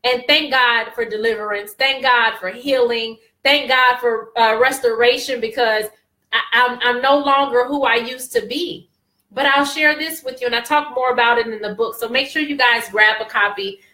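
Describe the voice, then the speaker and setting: A woman's voice: a little high, fairly even intonation, normal speed, sharp tone, echoey room. A woman in her thirties, a life coach giving an emphatic motivational talk with preacher-like repetition, speaking straight to listeners.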